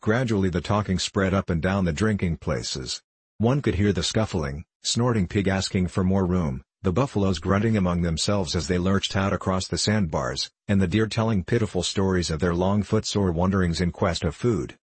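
A man reads a classic storybook aloud in a low, husky voice. The sound is dry and close, with no room around it. He gives the characters' lines in nearly his own voice. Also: moderate pace, no echo. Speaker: audiobook narrator. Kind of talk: scripted storybook narration.

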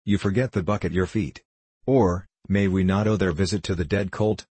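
A man's voice: sits low, steady tone, moderate pace, darkish tone, breathy edge, no room sound. A man reading the part of an eager young army officer who speaks formally and politely. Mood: questioning.

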